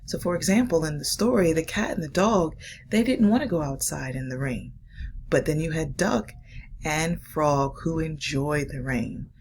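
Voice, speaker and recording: Woman, first grade teacher, low gravelly voice, encouraging, phonics lesson. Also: a little mellow, slight background noise. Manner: slow, patient, encouraging teacher talk to young children. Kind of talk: remote phonics lesson and read-aloud.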